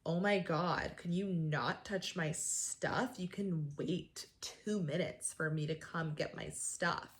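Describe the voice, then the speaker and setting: A woman's voice: fairly low pitch, slow, few pauses. A woman imitating a rude, angry female neighbor who scolds in a snippy way. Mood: annoyed scolding.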